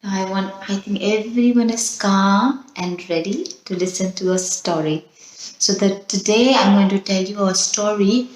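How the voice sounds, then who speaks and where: Slow gentle woman teacher, echoey room. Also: medium pitch. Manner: slow, gentle, coaxing, asks children questions. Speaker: children's teacher. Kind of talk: storytime and calming exercise for young children.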